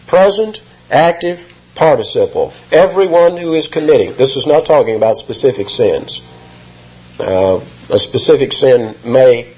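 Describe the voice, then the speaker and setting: Emphatic preacher man, husky and lively. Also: mid-range voice. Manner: emphatic, rising sharply on quoted lines. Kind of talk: expository sermon. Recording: muffled lo-fi sermon recording.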